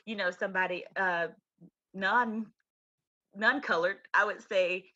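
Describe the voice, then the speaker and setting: Woman, interview guest, animated slangy storyteller, bright, slightly low, dull lo-fi sound. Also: moderate pace. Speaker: guest, commercial banker and author. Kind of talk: casual interview chat.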